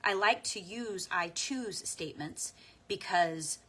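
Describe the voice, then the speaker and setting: A woman leading a slow guided tapping meditation. She speaks softly and unhurriedly, pausing often for deep breaths and audible sighs. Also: slightly rough.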